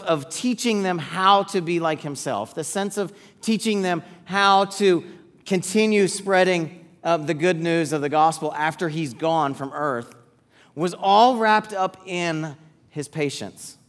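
A man preaching a sermon to parents, repeating key words for emphasis and letting phrases trail off softly. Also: high voice, measured pace.

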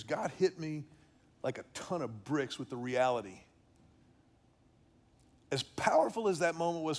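A middle-aged man giving an earnest faith-based teaching on fatherhood, often repeating and restarting words. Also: a little high. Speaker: preacher on fatherhood.

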